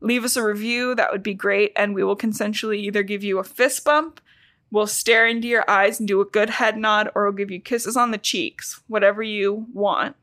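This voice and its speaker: A woman's voice: mid-range voice, steady tone, moderate pace, a bit bright. A woman co-hosting a casual podcast, chatty and swearing freely, with a slight lisp. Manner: chatty, swears, laughs often. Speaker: podcast co-host. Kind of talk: casual chat.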